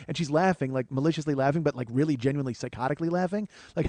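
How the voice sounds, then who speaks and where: A man's voice: on the high side, fast talker, hardly any pauses, no echo. Comedian guy swearing his way through a story on his podcast, dry close mic. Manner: profane, animated storytelling. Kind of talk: storytelling monologue. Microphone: studio microphone.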